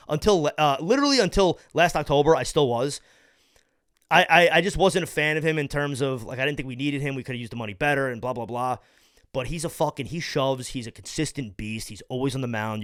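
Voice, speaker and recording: A man hosts his sports show with emphatic, profane opinions that swing from loud outbursts to muttered gripes. His voice sits a touch high. It is recorded dry and close, with no room sound. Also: dry recording. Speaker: sports podcast host.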